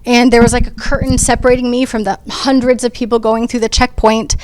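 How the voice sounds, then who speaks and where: A woman with a somewhat high voice speaks earnestly as a panel guest, recounting her story conversationally. She fills pauses with ums and restarts sentences as she goes. The sound is dry and close, with no room echo. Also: flat delivery, a little mellow. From United States. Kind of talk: personal testimony in a panel discussion.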